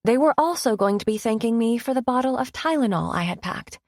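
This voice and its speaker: Wry, expressive woman narrating. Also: a little high, a little fast, no echo, studio quality. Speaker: audiobook narrator. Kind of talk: first-person audiobook narration.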